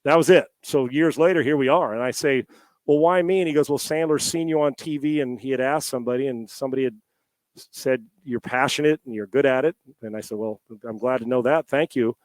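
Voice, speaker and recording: A middle-aged man, a former quarterback, telling a long story as a podcast guest from home on a headset mic. He talks in a lively, rambling way, with many restarts and the odd swear word. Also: medium pitch, brisk, dry recording. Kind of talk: storytelling in a casual interview.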